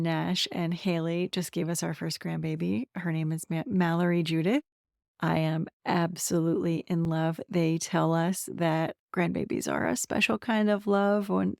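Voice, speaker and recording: Low gravelly-voiced woman in her forties. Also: dry recording, studio quality. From central Pennsylvania. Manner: warm, candid, laughs often. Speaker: podcast host, somatic transformation coach. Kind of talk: personal solo podcast talk.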